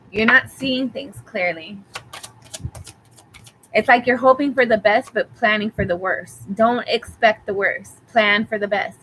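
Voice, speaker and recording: A woman giving a tarot reading, calmly reassuring the listener with affirmations and rambling a little as she talks. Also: on the high side, a little hiss or hum, rough recording. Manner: rambling, with fillers and restarts. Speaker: tarot reader. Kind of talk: live tarot reading for a viewer.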